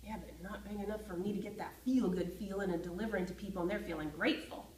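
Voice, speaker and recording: A woman telling a personal story in a lively way, acting out her own feelings as she goes. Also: mid-range voice, fast, a little hiss or hum. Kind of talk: personal story told to camera. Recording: roomy echo, voice from a distance from the mic.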